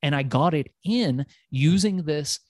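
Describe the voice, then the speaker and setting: A middle-aged man telling his story as an interview guest, animated and acting out dialogue, swearing freely. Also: a little high, a little slow, no room sound.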